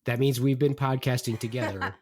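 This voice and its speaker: A man's voice: medium pitch, fairly quick, darkish tone. A man hosting a podcast livestream, teasing and announcing in a mock-grand way. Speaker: podcast host. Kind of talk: casual livestream banter.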